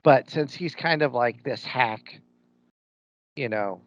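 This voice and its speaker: Speaking slowly in a mid-range voice, this Midwestern American man co-hosts a podcast full of blunt, opinionated banter and slang such as "ain't." There's no room sound, though the podcast audio comes across dull and lo-fi.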